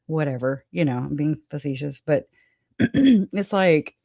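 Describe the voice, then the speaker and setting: A woman's voice: deep voice, animated, unhurried, creaky, dark tone, dry recording, studio quality. A woman hosting a livestream in casual chat, rambling, laughing often and swearing casually. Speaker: livestream host.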